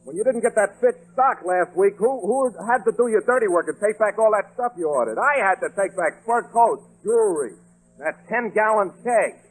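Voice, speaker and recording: High-voiced, deadpan sidekick secretary for a 1940s radio comedy, touchy, lively pitch. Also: male voice, normal speed, low-quality recording. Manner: deadpan joke delivery, touchy and wheedling. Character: wisecracking scatterbrained male sidekick secretary. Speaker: secretary Frankie Remley. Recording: old radio broadcast with music.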